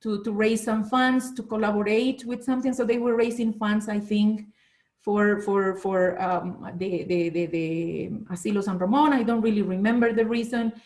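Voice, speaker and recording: A middle-aged woman from Bolivia with a Bolivian Spanish accent, a teacher trainer telling personal stories in a lively way and acting out quotes. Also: mid-range voice, moderate pace, rough recording. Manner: animated, storytelling with acted quotes and repetitions. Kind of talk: storytelling talk at an online meeting.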